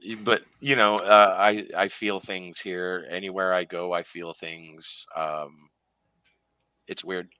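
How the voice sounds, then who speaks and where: A man's voice: sits low, little pitch movement, takes it slowly, pushed and bright, clear, resonant tone, dry recording. A man talking as a radio show guest, telling a story animatedly with plenty of fillers and restarts.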